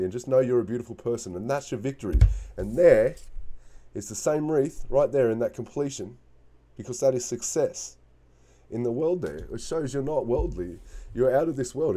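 Dark husky-voiced male tarot reader. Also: mid-range voice. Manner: earnest, repetitive, encouraging, with frequent restarts. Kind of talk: casual spoken tarot reading.

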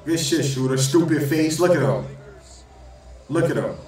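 Fired-up man yelling at a basketball game. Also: on the high side, lively intonation, normal speed, heavy reverb, distant mic, poor audio. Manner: loud, profane trash talk, repeats phrases. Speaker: reaction channel host. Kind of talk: excited basketball reaction commentary.

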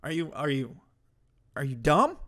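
Dude with a slightly high voice ranting on stream, swearing a lot, sarcastic and heated. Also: male voice, sing-song, a little slow, fairly bright tone. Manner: heated, profane, mocking. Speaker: streamer commentator. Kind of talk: ranting commentary to a live chat.

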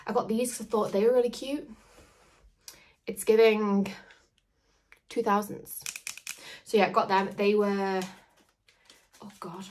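A woman's voice: medium pitch, little pitch movement, a little slow, pauses often, a little mellow, a little hiss or hum. A young woman chatting casually to her camera as a vlogger, rambling with lots of "like" and "literally". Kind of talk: casual vlog chat. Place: outdoors on a dog walk, then at home indoors.

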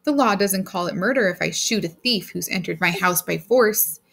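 A woman's voice: medium pitch, moderate pace, creaky, fairly bright tone, slightly rough. A woman reading the part of a ruthless, smug businessman husband, speaking coldly and harshly with a gloating edge.

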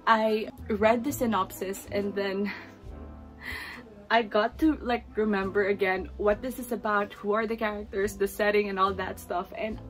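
A young Filipino woman in her twenties talks straight to the camera in a casual, gushing way, emotional and at times teary. Her pitch sits in a middle range for a woman. Soft music plays faintly behind her. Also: steady tone, normal speed, poor audio. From Philippines. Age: 20s. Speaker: book vlogger. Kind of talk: casual chat.

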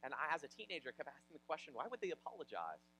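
A male pastor from Ohio, preaching a sermon in an animated, conversational way with personal stories. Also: fairly high pitch, racing, a little hiss or hum, poor audio. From Ohio, USA.

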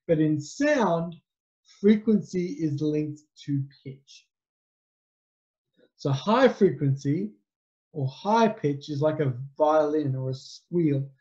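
A man's voice: on the high side, mellow, muffled recording. A man teaching a physics lesson, explaining in a conversational, rambling way with fillers. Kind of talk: recorded classroom lecture.

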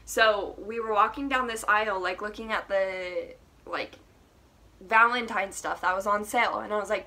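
Bright-voiced young woman telling a story. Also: medium pitch, normal speed. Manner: animated, laughing, lots of "like". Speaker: vlogger. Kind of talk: casual storytime vlog.

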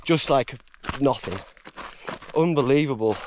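An English man vlogging from a high mountain trail, rambling and emotional, breaking into laughter. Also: expressive, measured pace, a little hiss or hum. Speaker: hiker vlogger. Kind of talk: casual vlog talk.

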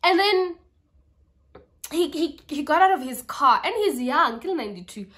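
A young South African woman with a South African accent, casually telling a personal story to her vlog viewers, chatty and animated. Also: high voice, moderate pace. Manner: chatty, animated retelling with quoted voices and code-switching. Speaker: YouTuber.

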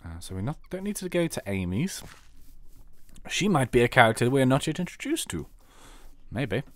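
A man giving casual let's play commentary, excitable and rambling as he explores. His pitch jumps about a lot, and his throat is a little sore. His voice sits at an ordinary male pitch. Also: normal speed. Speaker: game commentator.

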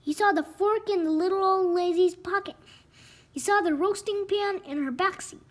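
A woman reading a children's picture book aloud, expressive and slow. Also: very high-pitched. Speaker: storyteller. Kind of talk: children's story read-aloud.

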